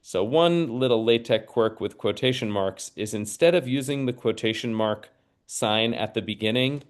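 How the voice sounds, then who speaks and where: A man's voice: mid-range voice, moderate pace. A man teaching a screen-share lesson, explaining each step patiently and checking in with listeners. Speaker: mathematics teacher trainer.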